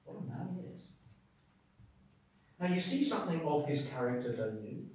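A man preaching a sermon. He talks emphatically, asks rhetorical questions and swings between loud and quiet. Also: medium pitch, sing-song, normal speed, long pauses, recorded from a distance, slight background noise. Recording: very echoey hall, speaker away from the mic.

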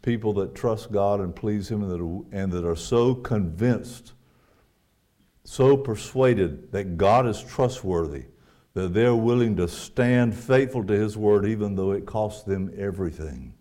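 Earnest low-voiced man preaching a sermon. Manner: earnest, rising to emphatic peaks then dropping quiet; reads scripture aloud in a measured cadence.

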